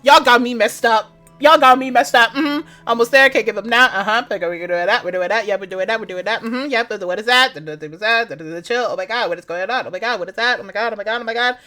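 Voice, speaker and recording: A woman streaming a story game, reacting with animated, sassy quips and reading the story text aloud. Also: mid-range voice, quick pace, hardly any pauses, soft background music.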